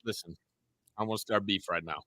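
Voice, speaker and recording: A man's voice: on the low side, brisk, pushed and bright, no room sound. A young man co-hosting a live football watch-along, full of casual jokes, teasing and blunt opinions. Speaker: co-host of a match watch-along. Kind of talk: casual sports banter.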